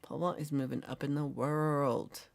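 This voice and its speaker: A woman's voice: low voice, steady tone, moderate pace, gravelly. A woman hosting a casual livestream, playfully reading and answering chat comments and teasing her viewers. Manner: jokey and teasing. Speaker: livestream host.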